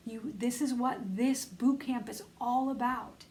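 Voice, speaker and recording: Gravelly-voiced woman coaching self-love. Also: fairly high pitch, fairly even intonation, measured pace, darkish tone, a little hiss or hum, rough recording. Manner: earnest, encouraging, speaks straight to the listener. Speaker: self-love coach leading an online bootcamp. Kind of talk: conversational self-help coaching talk.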